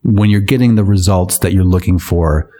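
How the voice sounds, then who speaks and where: A man's voice: deep voice, moderate pace, warm tone. A man co-hosting a podcast who reads news stories aloud and breaks in with sarcastic asides. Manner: sarcastic asides while reading. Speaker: podcast co-host reading news. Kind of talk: comedic news reading.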